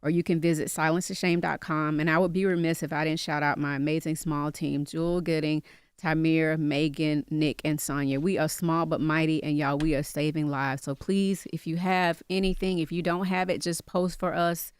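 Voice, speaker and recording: A woman with a lowish voice talks as a guest in a radio studio, urging her listeners with passion. Her voice is close and dry, with no room around it. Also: little pitch movement, moderate pace, smooth, dry recording. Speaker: guest, mental health advocate. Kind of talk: earnest interview talk.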